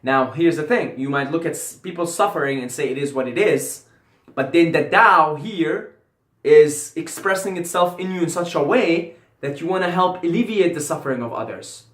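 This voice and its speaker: Pitched a bit high and slightly bright, at a moderate pace, the vlogger muses philosophically to camera, wandering, repeating himself for emphasis, and dropping casual swears, all in an echoing room.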